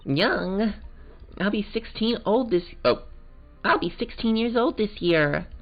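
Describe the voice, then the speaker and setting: In an exaggerated voice pitched above his own, a man plays an eager sixteen-year-old girl scientist, an aspiring scientific investigator, talking like a Valley Girl. His delivery sits high, expressive and slow. The recording is muffled over game music.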